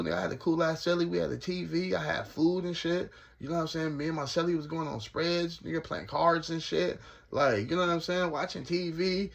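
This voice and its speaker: Gravelly, slangy man telling prison stories. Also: fairly high pitch. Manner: slangy, animated, laughs often. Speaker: former prisoner telling his story. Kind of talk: casual storytelling.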